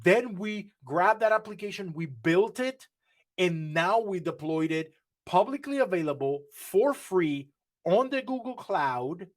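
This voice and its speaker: A man's voice: high voice, expressive, measured pace. A man leading an online workshop, explaining a live coding demo step by step and often restarting his phrases. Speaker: workshop instructor.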